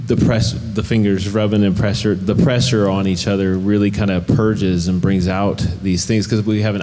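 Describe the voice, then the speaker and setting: A man's voice: low-pitched, warm tone. A man in the audience thinks aloud and searches for words, restarting his sentences as he shares his thoughts. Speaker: audience member asking a question. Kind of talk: reflective Q&A comment. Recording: long hall reverb.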